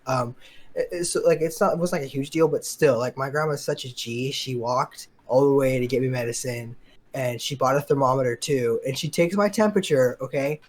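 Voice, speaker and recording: A man's voice: medium pitch, brisk. Rambling young man telling a story. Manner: rambling, filler-heavy storytelling with acted-out quotes. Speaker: podcast co-host. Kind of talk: casual storytelling chat.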